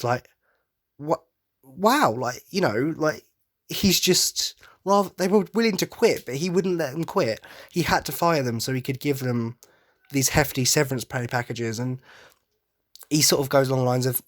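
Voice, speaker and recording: A man's voice: mid-range voice, normal speed. A man hosting a podcast in a casual monologue, rambling and enthusiastic, often stopping to correct himself. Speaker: podcast host.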